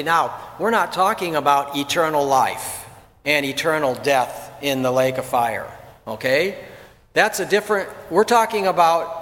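A man's voice: on the high side, a bit bright. A male pastor preaching a sermon in a church, telling stories in a conversational, folksy way. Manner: conversational storytelling, folksy asides. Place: church sanctuary. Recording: long reverb of a church hall.

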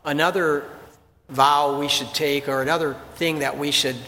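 A man's voice: fairly high pitch, steady tone, normal speed, sharp tone, a little hiss or hum. A pastor giving a sermon in an earnest, conversational way, repeating words as he goes. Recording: long reverb from a large hall.

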